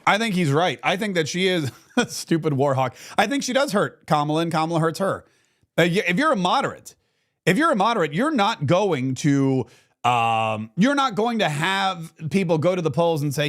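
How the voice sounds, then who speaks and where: A man hosts a talk show in an animated, mocking tone. His pitch sits a little high for a man and swings widely as he riffs. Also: normal speed. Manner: animated, mocking, fumbles with clips on air. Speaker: radio talk show host.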